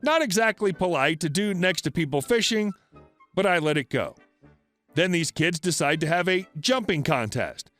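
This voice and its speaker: A man reading online stories aloud as a scripted narration in a steady storytelling manner. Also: fairly high pitch, normal speed. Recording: faint background music.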